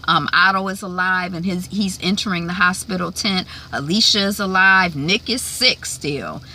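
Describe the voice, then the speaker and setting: A woman's voice: on the low side, moderate pace, bright, forceful tone, a little hiss or hum. A woman hosting a casual TV episode recap at home, chatty and rambling with playful asides. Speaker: host of a TV recap channel.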